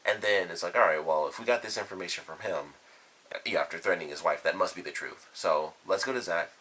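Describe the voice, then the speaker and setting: A man's voice: low voice, quick pace, pushed and bright, husky, rough recording. A man giving a casual, rambling spoken review of a TV episode, retelling scenes with lots of fillers. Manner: rambling, enthusiastic, loose retelling with many fillers.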